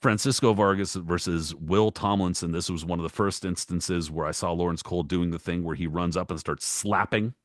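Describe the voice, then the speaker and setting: Podcast co-host, a man with a deep voice, cursing and exasperated, dry close sound. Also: fairly even intonation, no room sound. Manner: profane, exasperated ranting; rapid listing with mock-quoted voices. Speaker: podcast co-host, boxing historian. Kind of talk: casual podcast rant.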